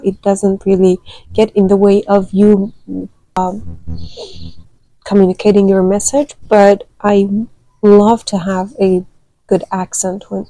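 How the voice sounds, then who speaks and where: Chatty woman with a gravelly voice. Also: mid-range voice, warm tone, no room sound, poor audio. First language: Turkmen. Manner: chatty, hesitant, many fillers. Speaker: language learner. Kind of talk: casual vlog talk.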